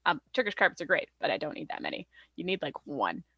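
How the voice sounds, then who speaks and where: A woman's voice: sits low, very animated, quick pace, gravelly, a bit bright, dry recording, dull audio. A young woman from Canada, a podcast guest, chatting casually with lots of fillers and laughter. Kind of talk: casual chat.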